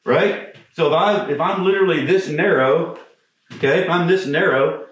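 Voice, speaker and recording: A man's voice: a little high, moderate pace. A man teaching golf swing technique on camera, talking casually and bluntly, swearing now and then, and getting out of breath as he demonstrates. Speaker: golf instructor. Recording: echoey, from a distance.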